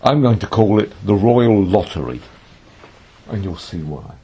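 A man's voice: deep voice, expressive, measured pace, long pauses, a little mellow, slightly rough. A man teaching a lesson on a biblical text, reading Hebrew verses aloud, translating them, and giving quoted speech dramatic emphasis. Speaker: Bible teacher.

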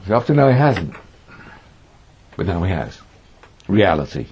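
A man's voice: low-pitched, very animated, normal speed, a little mellow, breathy edge. A man teaching a lesson on a biblical text, reading Hebrew verses aloud, translating them, and giving quoted speech dramatic emphasis. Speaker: Bible teacher.

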